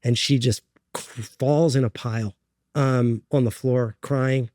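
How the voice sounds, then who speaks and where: A middle-aged man speaking as an interview guest in a dry, close room, earnest and halting, with frequent ums and restarts. His voice sits at an ordinary pitch, and the story comes out in short broken phrases. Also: steady tone, darkish tone, dry recording. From United States.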